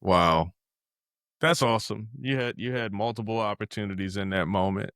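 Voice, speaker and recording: A male podcast host with a fairly low voice talks with his guest, full of enthusiasm. His speech is quick and energetic. The recording is dry and close. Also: clean tone, no room sound. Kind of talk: casual interview chat.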